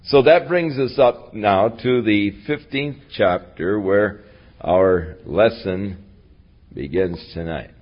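A man's voice: fairly low pitch, slow pace, muffled recording. A man teaching a Bible lesson as a folksy, conversational retelling. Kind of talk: casual Bible lesson storytelling.

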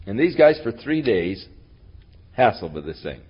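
A man leads a Bible study, retelling the story in a chatty way with dry asides. His husky voice swings widely in pitch. The recording sounds dull and lo-fi. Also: sing-song, unhurried. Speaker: Bible teacher.

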